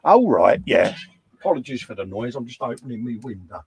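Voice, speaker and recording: In a mid-range, creaky voice with a sing-song lilt, this livestream co-host talks fairly quickly. He banters casually, yawns, and calls people mate in his chatty way, with slight background noise behind him.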